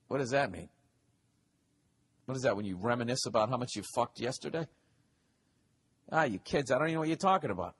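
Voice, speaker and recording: Man, forties, comedy podcast host, rambling, profane, self-deprecating, medium-pitched, studio mic. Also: expressive, a little fast, pauses often, slightly rough. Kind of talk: solo comedic podcast monologue.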